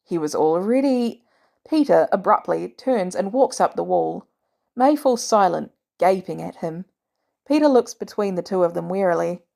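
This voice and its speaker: A woman narrating a fan story as an audiobook in an even, measured way. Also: on the low side, gravelly. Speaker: podfic narrator.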